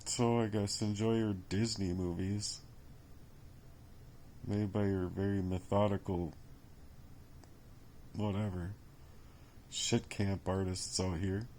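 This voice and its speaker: A man's voice: fairly low pitch, little pitch movement, a little mellow, a little hiss or hum. A man talking in a rambling personal monologue, exhausted, bitter and sarcastic, swearing often and repeating himself. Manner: repetitive, halting phrasing. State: exhausted and worn down. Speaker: vlogger.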